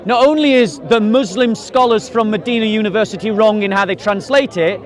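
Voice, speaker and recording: High-voiced man debating outdoors, pressing. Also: fairly quick. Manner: challenging, mocking, pressing questions. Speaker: street debater. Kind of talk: open-air debate. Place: outdoors in a park. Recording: outdoor crowd noise. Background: crowd of onlookers.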